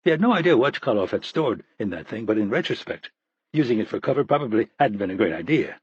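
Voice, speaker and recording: A man narrating a thriller audiobook in a steady, husky voice. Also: lowish voice, fast, no echo, lo-fi sound.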